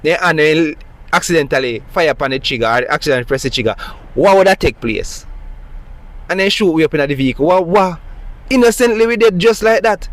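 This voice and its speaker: A man's voice: fairly high pitch, expressive, brisk. A man with a Jamaican accent, speaking in an agitated, emphatic monologue full of rhetorical questions. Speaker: citizen recounting a police stop. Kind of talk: impassioned monologue.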